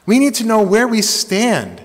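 A man's voice: high-pitched, huge pitch swings, measured pace. A man preaching a sermon to his congregation, emphatic and engaging, with call-and-response. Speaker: pastor. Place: church sanctuary. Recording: long hall reverb.

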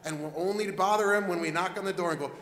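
A man's voice: sits high, rapid-fire, a bit bright. A male pastor preaching a sermon in a conversational way, acting out the scenes he describes, in an echoey hall. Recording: echoey hall with long reverb.

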